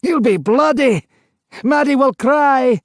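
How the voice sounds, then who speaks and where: A man's voice: very high voice, takes it slowly, no room sound, studio quality, voice pushed up. A man voicing the anguished ghost of an old man, crying out in grief and rage.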